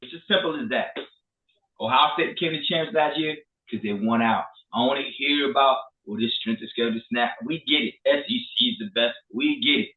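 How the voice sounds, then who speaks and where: A man co-hosting a casual sports talk show, animated and profane. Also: medium pitch, brisk. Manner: animated, profane, trash-talking. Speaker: co-host. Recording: echoey room, phone-like lo-fi.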